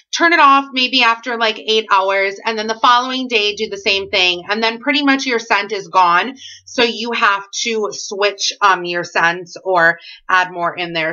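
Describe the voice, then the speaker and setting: A woman's voice: a little high, sharp tone. A woman chatting her way through a shopping haul vlog, gushing over each item with lots of fillers. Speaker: haul vlogger. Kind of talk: casual product haul vlog. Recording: dull lo-fi home recording.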